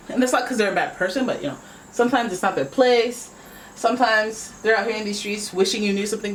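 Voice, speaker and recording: A woman's voice: medium pitch, distant mic, slight background noise, low-quality recording. A woman giving a casual, playful tarot reading, chatting and exclaiming as each card comes up. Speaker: tarot reader.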